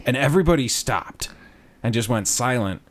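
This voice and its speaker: A man hosting a podcast, telling a story casually, with lots of swearing and sudden loud shouts when he acts out a scene. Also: medium pitch, moderate pace. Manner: animated, profane, bursts into loud yelling when re-enacting. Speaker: podcast host.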